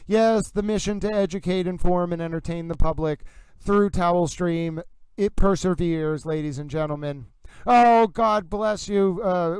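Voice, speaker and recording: A man hosting a livestream about a trial, talking in a mock-grandiose, drawn-out sports-announcer manner. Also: high voice, clear, resonant tone, dry recording. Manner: pompous, drawn-out announcer delivery. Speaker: livestream host covering a trial.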